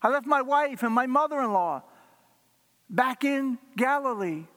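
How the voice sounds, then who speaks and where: A man's voice: extremely high pitch, lively intonation, a little slow, fairly bright tone, long reverb tail, pitched above the performer's own voice, heavily acted. A man acting out a frightened male fisherman disciple, pleading and overwrought. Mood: anguished.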